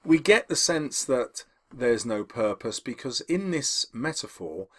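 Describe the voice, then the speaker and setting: Lively man explaining a poem. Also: mid-range voice. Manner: lively, emphatic, slows down to read quotations. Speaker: English teacher. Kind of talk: explaining poetry analysis to students.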